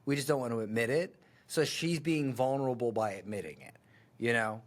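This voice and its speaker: A man in his thirties hosting a reaction breakdown of a sales pitch, full of sarcastic asides and laughter. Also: a little fast. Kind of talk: reaction commentary.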